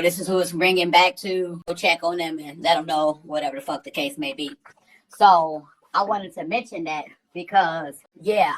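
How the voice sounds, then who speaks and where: A livestream host tells a story in casual chat that's profane and full of slang. Her voice is fairly low in pitch with a fairly bright tone, and the recording is rough.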